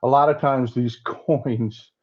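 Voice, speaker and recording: A man's voice: medium pitch, fairly even intonation, takes it slowly. A man with a Southern American accent hosts a livestream of political commentary. He talks bluntly and keeps circling back over his own words. His voice comes through a slightly dull, lo-fi recording. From Southern United States. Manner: blunt, repeats himself with many restarts.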